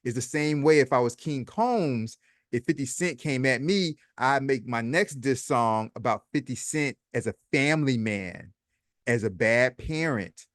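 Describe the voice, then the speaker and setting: A man hosts a casual commentary vlog, his medium-pitched voice lively in intonation and unhurried, recorded with studio quality and no echo. Chatty and sarcastic, he reads posts aloud, adds his own comments, and repeats himself.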